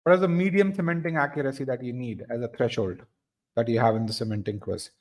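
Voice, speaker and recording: A man's voice: medium pitch, fast. A man teaching a live test-prep webinar, explaining in a talky way with many restarts and repeated words, and reading out and answering audience comments.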